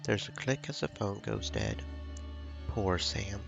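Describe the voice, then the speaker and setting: Guy with a low gravelly voice reading game story out loud, music under it. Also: wildly swooping pitch, takes it slowly. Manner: reads story text with quiet, somber pacing. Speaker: streamer reading a game's story aloud. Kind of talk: narrating and voicing game dialogue.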